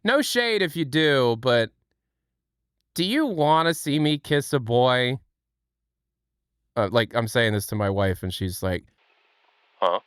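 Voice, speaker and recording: A man chatting casually on his live stream, thanking viewers and swearing freely. His pitch jumps up and down a lot. The sound is dry and close to the mic. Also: expressive, measured pace, pauses often, smooth, no echo. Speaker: livestream host.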